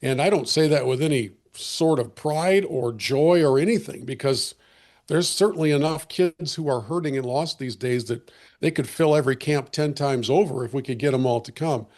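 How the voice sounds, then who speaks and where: A man hosting a podcast conversation, earnest and reflective, often restarting his sentences, and slightly hoarse as he loses his voice. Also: mid-range voice, moderate pace, darkish tone. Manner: earnest, with frequent restarts and fillers. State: losing his voice. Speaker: podcast host.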